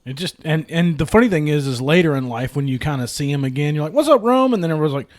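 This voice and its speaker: A man's voice: fairly high pitch, very fast, a little mellow, no echo, studio quality. A man in his thirties hosting a podcast, telling a funny childhood story in casual chat, swearing freely and acting out the people he quotes. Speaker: podcast host.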